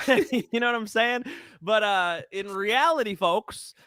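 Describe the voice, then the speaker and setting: A man co-hosting a casual sports betting chat, rambling and animated, swearing often and tripping over his words. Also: sits high, takes it slowly, clear, resonant tone, no room sound, studio quality. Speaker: co-host of a fight betting show.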